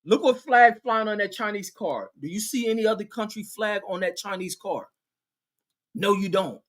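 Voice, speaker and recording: A man giving loud, mocking, profane commentary over news footage, scornful and quick to laugh. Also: high voice.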